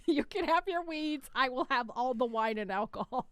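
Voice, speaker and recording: A woman's voice: high-pitched, animated, moderate pace, fairly bright tone, clean tone, dry recording. A young woman co-hosting a podcast, telling a story casually, swearing freely and laughing as she goes. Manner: swears often, laughs through stories. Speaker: podcast co-host. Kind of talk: casual chat.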